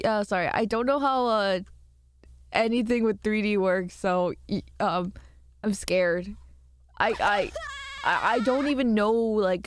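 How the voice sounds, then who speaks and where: A woman's voice: medium pitch, no echo, studio quality. A tired woman streamer chatting casually and rambling, laughing as she answers her chat. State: tired from little sleep. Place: home room.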